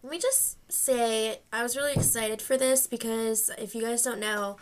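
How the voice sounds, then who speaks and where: A woman's voice: fairly high pitch, moderate pace. A college-aged woman co-hosting in casual chat, chatty and opinionated. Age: young adult. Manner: chatty, opinionated, laughs along. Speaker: co-host.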